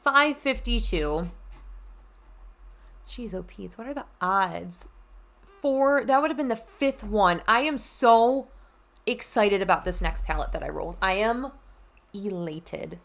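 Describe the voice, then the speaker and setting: A woman's voice: medium pitch, slow, gravelly, long pauses, a bit bright. A young adult woman chatting casually in a makeup vlog, bubbly and gushing. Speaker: beauty vlogger.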